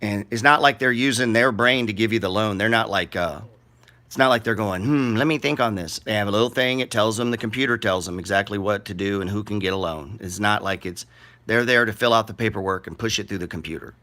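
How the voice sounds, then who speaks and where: A man's voice: on the low side, brisk, bright, forceful tone. A middle-aged man giving casual, rambling market commentary in a blunt, profane and sarcastic way.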